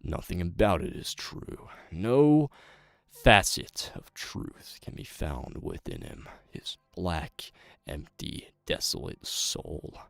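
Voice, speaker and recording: A scornful villain monologue, dropped low and dragged out slowly with long dramatic pauses, as a man puts it on. The voice is gravelly, with a lively swing between phrases, and sits close on a dry mic. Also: no room sound, heavily acted. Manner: slow, low, theatrical monologue with heavy pauses. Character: bitter male villain denouncing a false hero.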